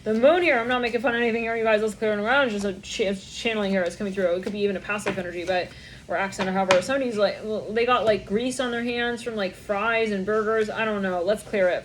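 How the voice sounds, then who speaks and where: A woman's voice: mid-range voice, background noise. A young woman giving a channeled tarot reading, rambling in a stream of consciousness, swearing and laughing often. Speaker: tarot reader.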